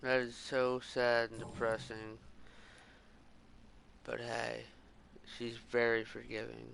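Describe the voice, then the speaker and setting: A man's voice: medium pitch, completely flat delivery, slow pace, gravelly, fairly bright tone, a little hiss or hum. A man streaming a video game, reacting in rambling, profane commentary full of "like". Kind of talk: casual gameplay commentary.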